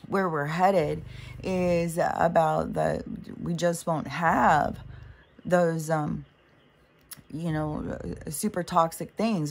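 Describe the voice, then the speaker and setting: A woman's voice: lowish voice, gravelly, slight background noise. A woman vlogger in a casual spiritual monologue, rambling and swearing often.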